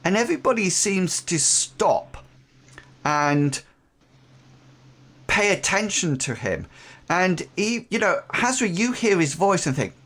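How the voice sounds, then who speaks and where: A man running an online tabletop game as game master, narrating in a halting way with many pauses. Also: high voice, very animated, fairly bright tone. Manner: halting, with frequent pauses and fillers.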